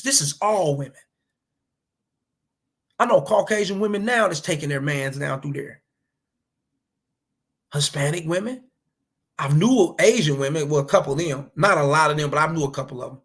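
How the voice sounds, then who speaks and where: A commentary vlogger with a slightly high, gravelly, husky voice delivers casual reaction commentary, blunt and full of profanity. He lectures his listeners with preachy, street-style advice.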